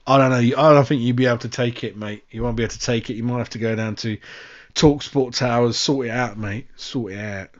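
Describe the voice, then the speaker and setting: A man's voice: mid-range voice, fairly even intonation, a little fast, highs cut off. A man hosting a fan live stream, rambling casually and calling everyone mate. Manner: chatty, rambling, says mate constantly. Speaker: fan channel host.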